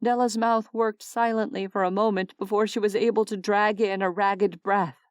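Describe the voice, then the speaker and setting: Woman, audiobook narrator, steady expressive reading, middle pitch, dry close mic. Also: normal speed, smooth, no echo. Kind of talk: scripted narration.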